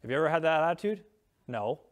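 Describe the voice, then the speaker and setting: A man's voice: fairly high pitch, animated, fast. A middle-aged man preaching a sermon as pastor, earnest, reading scripture aloud and rising in voice on key lines.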